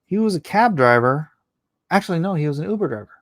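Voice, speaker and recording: A man hosting a casual late-night livestream, rambling and opinionated, his voice going hoarse. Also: fairly high pitch, lively intonation, quick pace, dry recording. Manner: rambling, opinionated, restarts often. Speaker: livestream host reading chat.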